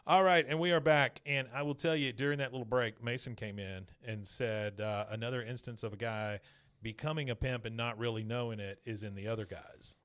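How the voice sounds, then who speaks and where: A man's voice: medium pitch, brisk, soft background music. A man hosting a podcast, casually recapping an episode and animatedly acting out quotes. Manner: animated storyteller, acts out quotes. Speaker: podcast host.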